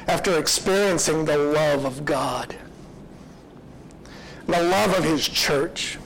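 A man's voice: fairly high pitch, slow, pauses often, fairly bright tone, slight background noise, poor audio. A man preaching a sermon, retelling a story in an earnest, reflective way.

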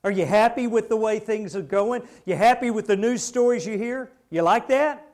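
A man's voice: sits high, moderate pace, few pauses, darkish tone. A man preaching a sermon in a conversational way, firing rhetorical questions at the congregation.

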